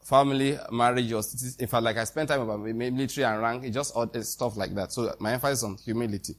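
A man's voice: medium pitch, steady tone, fast talker. Guy preaching, chatty, asks the church questions, acts out little conversations. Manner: conversational preaching with quoted dialogue and rhetorical questions. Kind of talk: sermon.

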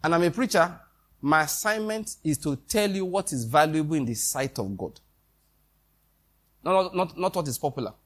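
A man's voice: fairly high pitch, expressive, normal speed. A man preaching a sermon in a conversational way, with quoted dialogue and questions to the congregation.

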